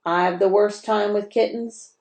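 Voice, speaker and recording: A woman's voice: medium pitch, steady tone, moderate pace, a little mellow, lightly acted. A woman doing a gloomy, grumbling watchdog. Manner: gruff and complaining. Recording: roomy echo.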